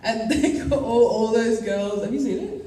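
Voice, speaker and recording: A woman's voice: fairly high pitch, lively intonation, moderate pace. Young Australian woman, casual panel guest, heard from a distance over a crowd. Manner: chatty, laughing, sweary. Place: convention panel hall. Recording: echoey hall, mic heard from far off. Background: convention crowd.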